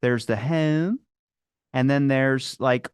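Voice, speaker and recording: A man's voice: mid-range voice, normal speed, no echo. A man with a Baltimore accent and a mid-range voice, hosting a podcast chat. He talks in a chatty, curious, rambling way, and the sound is dry and close. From Maryland, United States. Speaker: podcast host. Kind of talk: casual chat.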